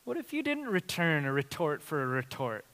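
A man preaching from the pulpit with a bright, forceful voice pitched a little high. He swings from ringing emphasis down to hushed, intimate asides, and his words trail off into the long reverb of a big hall. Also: very animated, normal speed. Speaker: pastor. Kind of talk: sermon.

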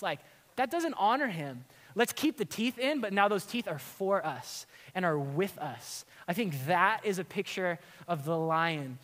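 A man preaching a sermon as a pastor, casual and animated, with many fillers and restarts. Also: high-pitched, unhurried, long reverb tail.

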